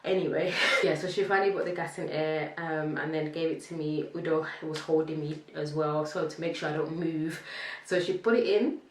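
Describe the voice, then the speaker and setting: A young woman recounts a personal story in a casual, animated way, her voice pitched a little low and set back from the mic. The room around her is echoey, adding a roomy ring to each phrase. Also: moderate pace, distant mic. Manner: animated, acts out quotes, laughs between lines. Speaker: vlogger telling her birth story.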